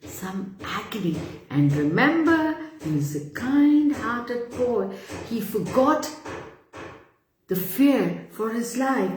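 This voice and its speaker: A woman reading a bedtime story to children, animated and stopping to ask the listeners questions. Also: on the high side, reverberant.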